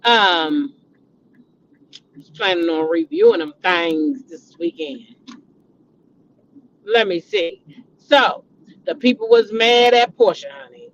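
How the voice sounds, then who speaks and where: A middle-aged woman hosting a casual celebrity gossip vlog, talking to her viewers in an animated, dramatic, chatty way. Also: medium pitch, takes it slowly, long pauses, slight background noise. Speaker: vlogger, show host. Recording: dull lo-fi recording.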